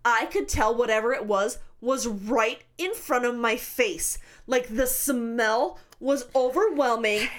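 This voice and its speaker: A woman in her thirties telling a spooky personal story in casual chat, animated, swearing freely and laughing often. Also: on the high side, slow, hardly any pauses. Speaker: podcast co-host.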